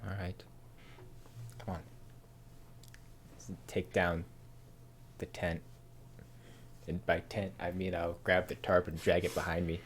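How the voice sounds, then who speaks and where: A man playing a tabletop game, speaking in a slow, dry manner. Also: sits low, level tone, slight background noise. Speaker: player.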